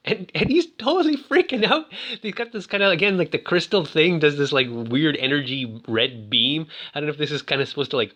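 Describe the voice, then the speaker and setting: A man's voice: medium pitch, bright, forceful tone. A man casually talking about toys, rambling with lots of fillers. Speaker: toy reviewer. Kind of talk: casual chat.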